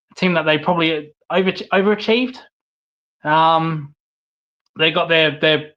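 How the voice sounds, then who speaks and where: A young man delivers a casual, opinionated monologue as a fan vlog host. His voice sits slightly high, blunt and peppered with fillers and restarts. The recording is dull and lo-fi. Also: pushed and bright.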